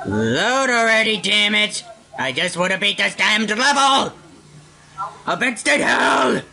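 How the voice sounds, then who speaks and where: A man panicking and raging with heavy cursing while playing a horror game, hoarse from screaming. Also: high-pitched, huge pitch swings, slow pace, pauses often, sharp tone. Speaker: gaming channel host. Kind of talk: horror game let's play commentary.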